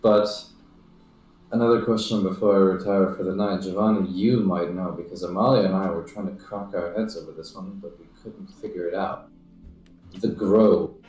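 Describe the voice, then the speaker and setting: A man playing in a tabletop game, speaking in character with formal, measured phrasing. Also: deep voice, steady tone, darkish tone, reverberant, faint music behind, low-quality recording. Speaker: player. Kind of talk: in-character tabletop role-play.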